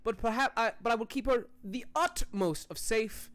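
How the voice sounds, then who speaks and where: A game master voicing a smooth-talking male noble courtier who flatters and stumbles over his words. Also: medium pitch, pitched above the performer's own voice, lightly acted. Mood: courtly. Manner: halting, full of restarts and fillers.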